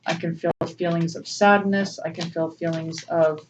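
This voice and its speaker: A woman's voice: steady tone, normal speed. Emotional woman tarot reader, distant mic. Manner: gentle, emotional, laughs often. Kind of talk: casual spiritual tarot reading. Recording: distant, dull low-fi mic with faint noise.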